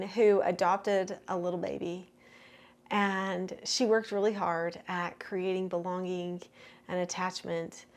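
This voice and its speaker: An older woman, a parenting coach, giving earnest and steady advice in an instructional talk. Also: medium pitch.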